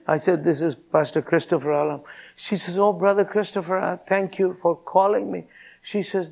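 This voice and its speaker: A pastor in his sixties telling a testimony in a sermon, animated, rising high when he quotes others. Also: gravelly.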